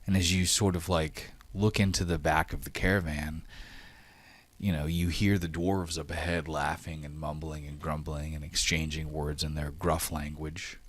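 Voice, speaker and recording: Deep-voiced man running a tabletop game. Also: level tone, normal speed. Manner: loose, filler-heavy narration. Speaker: game master.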